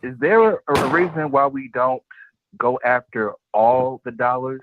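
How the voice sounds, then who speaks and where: A male caller politely and briskly asking a question on a call-in show. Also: medium pitch, no echo. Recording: tinny dry phone line.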